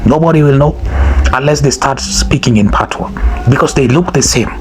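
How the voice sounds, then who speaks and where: A man with a mid-range voice and a Kenyan accent addresses YouTube viewers directly at a moderate pace, with faint music playing behind him. His casual to-camera talk turns preachy, looping back on repeated phrases and punctuated by "huh?".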